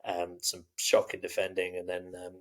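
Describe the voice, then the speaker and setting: A man's voice: low-pitched, completely flat delivery, moderate pace, fairly bright tone. A man co-hosting a casual football podcast, rambling and joking with plenty of "um" and "uh". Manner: rambling, jokey, heavy on fillers. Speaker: podcast co-host.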